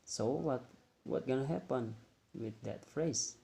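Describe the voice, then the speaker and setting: A young man whose first language is Indonesian, giving a classroom-style explanation as a student presenter, halting and repeating words as he goes. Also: medium pitch, gravelly, mellow. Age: young adult.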